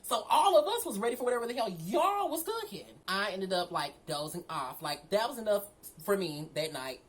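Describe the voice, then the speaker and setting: A young woman casually telling a story from her own life, animated, full of slang and swearing. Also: mid-range voice, brisk, poor audio.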